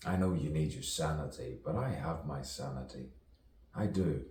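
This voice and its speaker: A man's voice: very deep voice, moderate pace, darkish tone, roomy sound, far from the mic, slight background noise. A man rambling through a spoken stream-of-consciousness poem, shifting between voices and dropping into whispers.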